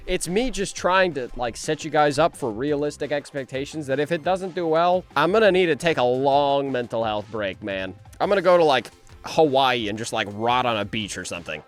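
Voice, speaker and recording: A young man doing casual reaction commentary, rambling and jumpy, often laughing and breaking into high shrieks of surprise. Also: animated, a little fast, soft background music. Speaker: animator and video host.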